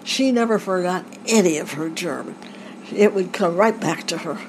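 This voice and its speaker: Older woman reminiscing haltingly. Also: lowish voice, noisy background. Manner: rambling, halting with restarts. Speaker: interviewee. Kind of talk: family oral history recollection.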